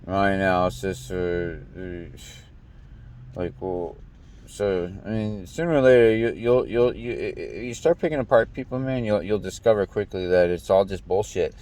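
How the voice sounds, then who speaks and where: Speaking at a normal speed in a low-pitched, slightly mellow voice, a young American man rants casually. He swears a lot, rambles, and keeps stammering and restarting.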